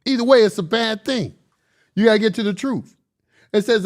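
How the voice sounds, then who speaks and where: A man's voice: high-pitched, moderate pace, pauses often. A man giving casual commentary, reading verses aloud and arguing bluntly and emphatically, often laughing. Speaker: commentator reading and discussing scripture.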